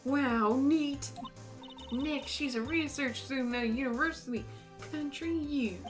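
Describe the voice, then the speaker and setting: A chirpy young sidekick girl, read by a woman reacts brightly in a fairly high voice at a slow pace, with soft game music behind. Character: cheerful young female sidekick.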